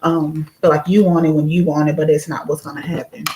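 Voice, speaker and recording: Giggly low-voiced woman reading tarot. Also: flat delivery, brisk, darkish tone, slight background noise, rough recording. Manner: chatty, giggly, lots of fillers. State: sore throat. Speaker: tarot reader. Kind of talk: casual live-stream tarot reading.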